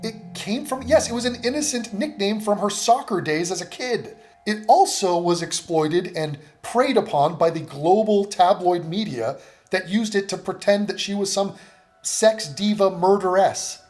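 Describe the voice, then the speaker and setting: A man's voice: sits high, expressive, moderate pace, darkish tone, faint music behind. Sarcastic, profane man ranting. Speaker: commentary YouTuber. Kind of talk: ranting reaction commentary.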